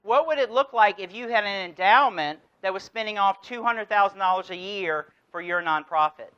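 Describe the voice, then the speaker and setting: Bright-voiced man giving a keynote. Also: high voice, normal speed, clear, resonant tone, dull audio. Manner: storytelling with rhetorical questions and acted dialogue. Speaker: keynote speaker. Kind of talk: motivational conference address.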